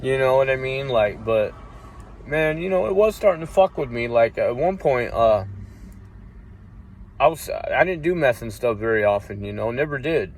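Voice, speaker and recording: This man's long, casual personal story is profane and meandering, full of restarts and loud impressions of the people he quotes. His mid-range voice has lively intonation at a moderate pace, with slight hiss or hum in the background.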